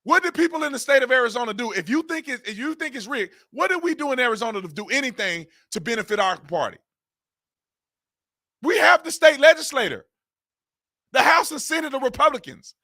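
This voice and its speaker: A man with a notably high, bright voice rants on his own commentary channel. He hammers the same rhetorical questions again and again in loose, informal speech, his pitch rising and falling in lively swings as his exasperation shows. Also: a little fast. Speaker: political commentary channel host. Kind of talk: ranting political commentary.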